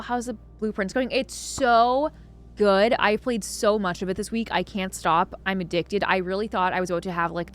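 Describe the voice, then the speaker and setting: A young woman streaming a game live, chatting casually and dramatically with her viewers, swinging from excitement to mock sadness. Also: mid-range voice. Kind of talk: casual live-stream chat while gaming. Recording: faint music behind.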